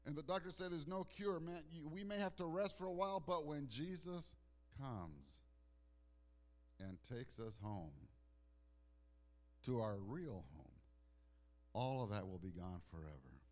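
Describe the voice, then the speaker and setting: A male pastor preaching a sermon in a conversational storytelling way. He drops to soft, hushed lines and then rises to loud, emphatic outbursts. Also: mid-range voice, animated, measured pace, pauses often. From Italian heritage.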